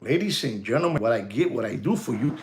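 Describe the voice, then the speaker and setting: A man in his sixties, a watch dealer, ranting to viewers of his channel in a rambling, repetitive way, often calling out to "ladies and gentlemen" and dropping in Spanish slang. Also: mid-range voice, fast talker. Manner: animated, rambling, repeats himself, addresses audience as ladies and gentlemen. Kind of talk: livestream rant to viewers.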